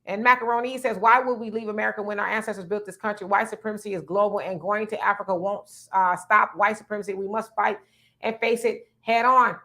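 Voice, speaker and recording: A woman's voice: mid-range voice, fairly even intonation, a little fast, sharp tone. A woman hosts a live stream, calling out viewers and reading their comments before giving her own take. She talks in an easy, conversational way, in a voice that sits in the middle of the female range. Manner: reads viewer comments aloud and responds conversationally. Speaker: livestream host reading chat. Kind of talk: casual livestream chat.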